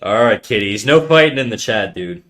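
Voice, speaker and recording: A young man live streaming, chatting casually with viewers in a deep, bassy, nasal voice, talking fast with frequent stutters and restarts, swearing and calling everyone dude. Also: animated, fairly bright tone. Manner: swearing, slangy, calls listeners dude. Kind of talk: casual chat reading viewer comments.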